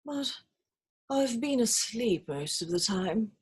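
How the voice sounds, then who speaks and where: A woman voicing a gentle, sleepy old male toy teddy bear in a storybook reading, speaking slowly and kindly. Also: lively intonation, breathy edge, heavily acted. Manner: slow, low and kindly.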